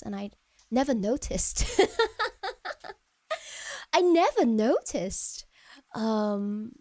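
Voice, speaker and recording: A woman with a high, light voice chats casually with her stream audience, meandering and hesitant, full of "um"s and restarts. She often drops into soft, quiet murmurs. The sound is close and dry, with no room echo. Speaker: virtual streamer chatting with viewers. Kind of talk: casual live-stream chat.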